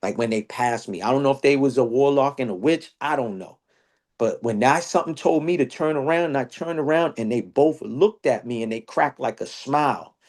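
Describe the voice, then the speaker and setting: Animated man telling a story. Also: fairly quick. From Boston area. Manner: animated storyteller, slang-heavy, jumps high when quoting people. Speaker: podcast host. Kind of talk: casual storytelling chat.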